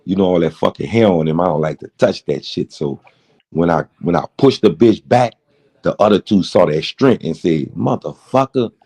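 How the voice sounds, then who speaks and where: A man's voice: sits low, moderate pace, mellow, breathy edge. A middle-aged man hosting a late-night livestream, rambling through a heated, profane story. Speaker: livestream host.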